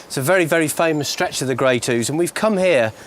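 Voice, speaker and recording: Matey angler presenting outdoors. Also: male voice, fairly high pitch, fast talker, slight background noise. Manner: matey, encouraging, calls everyone mate. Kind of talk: casual chat and presenting to camera. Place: outdoors by water.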